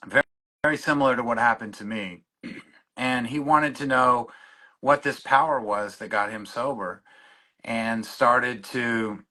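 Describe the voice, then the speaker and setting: A man, a guest in recovery, telling his story in a halting way with many restarts, choked up and openly emotional. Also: mid-range voice, pushed and bright. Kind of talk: personal storytelling in conversation.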